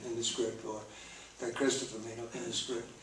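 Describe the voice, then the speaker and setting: A man's voice: mid-range voice, flat delivery, brisk, background noise. An older actor speaking as a guest in an on-stage Q&A, reminiscing and restarting his sentences often. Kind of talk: on-stage Q&A with a film audience. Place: theater stage before an audience. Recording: echoey hall, mic from far off.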